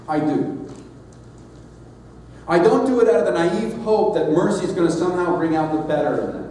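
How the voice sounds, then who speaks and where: A middle-aged man giving a sermon-style address as leader of a society, speaking in a measured, earnest way with emphatic pauses. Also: high-pitched, lively intonation, warm tone, slight background noise. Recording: echoey hall, mic at a distance.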